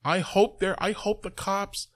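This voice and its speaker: A man's voice: high voice, steady tone, measured pace. A man from Canada, reading news stories aloud and breaking off into sarcastic, profane asides. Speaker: host reading and commenting on news. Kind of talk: casual news commentary. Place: Toronto.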